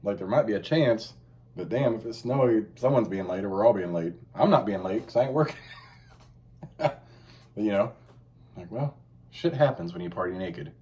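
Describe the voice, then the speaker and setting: A man's voice: lowish voice, animated, normal speed, long pauses, mellow. A man hosting a casual podcast chat, rambling and swearing freely, acting out the voices of people he quotes. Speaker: podcast host.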